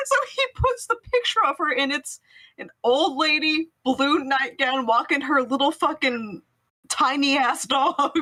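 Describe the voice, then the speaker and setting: Woman, high voice, bright tone, laughing storyteller, casual swearing. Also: unhurried, rough recording. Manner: animated, laughing often, heavy swearing.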